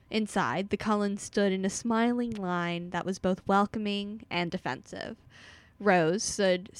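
A woman's voice: fairly low pitch, dry recording. A woman co-hosting a podcast, chatting and reading a book summary aloud with frequent giggles. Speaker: podcast co-host. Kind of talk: casual chat and reading aloud.

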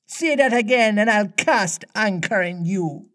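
Cheeky storybook boy who taunts a pirate, pitched high, played by a man reader. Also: lively intonation, measured pace, fairly bright tone. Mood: taunting. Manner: taunting, playful. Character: cocky mischievous boy mimicking a pirate.

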